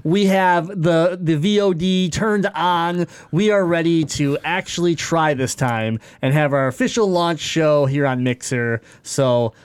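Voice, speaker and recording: A man hosting a podcast, joking around quickly and reading out show info. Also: on the high side, clean tone, no echo. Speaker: podcast host. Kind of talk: casual podcast banter.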